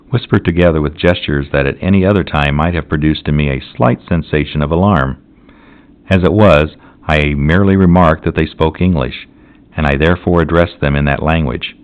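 Very deep-voiced man reading solemnly. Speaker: audiobook narrator. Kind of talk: scripted narration of a classic novel. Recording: dull lo-fi recording.

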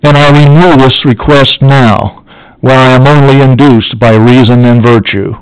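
A man's voice: medium pitch, steady tone, measured pace, smooth, no echo, natural voice, rough recording. A man reading aloud as a dying male scientist, feverish and vengeful, in a grave, solemn manner. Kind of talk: audiobook reading.

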